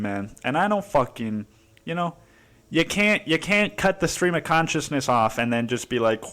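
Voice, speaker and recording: Guy doing a solo podcast, kinda high voice, cusses a ton and just rambles on. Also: big pitch swings, normal speed, pushed and bright. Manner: rambling stream of consciousness, swears constantly, keeps saying "dude". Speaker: podcast host. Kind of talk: casual solo podcast monologue.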